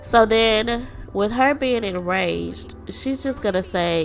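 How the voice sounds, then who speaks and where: A woman hosting a gaming channel, narrating a life-simulation game in casual commentary, chatty and animated and laughing often as she talks to her viewers. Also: mid-range voice, slow pace, vocal fry, hardly any pauses, faint music behind. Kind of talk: casual let's-play commentary.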